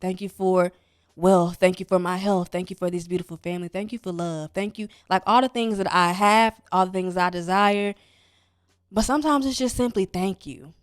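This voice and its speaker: A woman's voice: on the low side, fairly even intonation, moderate pace, no echo. Earnest woman on a dry podcast mic. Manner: reflective, earnest, speaks in spiritual terms. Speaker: podcast co-host. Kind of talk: casual chat.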